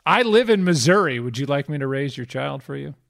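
A man's voice: on the high side, expressive, a little fast, creaky, fairly bright tone. A man co-hosting a casual podcast interview, reacting with frequent laughs and teasing remarks. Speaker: podcast co-host.

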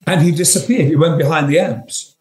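An older man from England spins a loose, chuckling anecdote as an interview guest, his voice sitting a little high for a man. He swears casually and wanders through the story, and the recording carries a roomy echo around him. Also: a little fast. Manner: chuckling, profane, rambling anecdotes.

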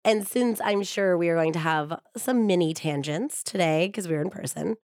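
A woman hosting a true crime podcast, her voice husky and a touch hoarse from a cold. She sits a little low in her range and talks with chatty warmth before settling into a steady narrating read. The studio sound is close and dry. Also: no echo. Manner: upbeat and chatty, with a measured storytelling read.

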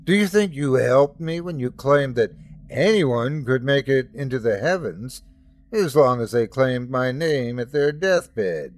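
A man's voice: medium pitch, animated, unhurried, natural voice. A man voicing a jealous, domineering male God who rants and mocks. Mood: mocking. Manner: scornful, mocking rants.

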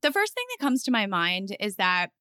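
Lively, laughing young woman podcaster. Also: mid-range voice, moderate pace, dry recording, clean studio sound. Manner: warm-hearted, laughs often, encouraging. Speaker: podcast co-host, therapist. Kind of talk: casual chat.

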